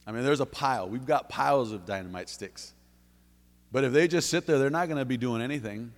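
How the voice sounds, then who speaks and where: A man preaching a sermon in a church, fervent, dropping to low intimate tones and then rising to loud bursts. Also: brisk, big-room sound. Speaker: lay preacher giving testimony. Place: church sanctuary.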